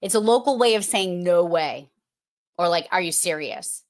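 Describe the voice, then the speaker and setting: A woman's voice: on the low side, lively intonation, moderate pace. A woman with a strong Boston accent hosting a casual livestream, talking in a playful, emphatic, teasing way. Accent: Boston, Massachusetts. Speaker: host.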